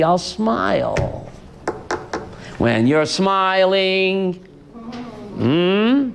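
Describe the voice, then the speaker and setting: A man's voice: sits high, very slow, gravelly, long pauses, a little hiss or hum. A man, a rabbi, preaching a sermon built on stories and asking his listeners questions. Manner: animated, asks the audience questions. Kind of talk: sermon with storytelling.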